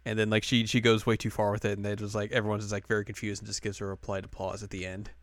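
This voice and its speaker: A man's voice: fairly low pitch, flat delivery, very fast, dry recording. A man hosting a podcast, recapping an episode in a rambling, casual way with lots of fillers. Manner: rambling, filler-heavy, laughs often. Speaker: podcast host.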